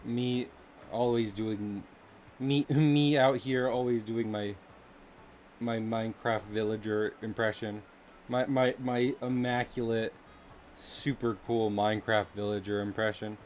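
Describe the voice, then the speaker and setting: A man's voice: lowish voice, steady tone, a little slow, darkish tone, slight background noise. A man streaming while he draws, chatting casually with viewers in a playful, joking way and laughing often. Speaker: live streamer and artist. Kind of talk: casual live-stream chat while drawing.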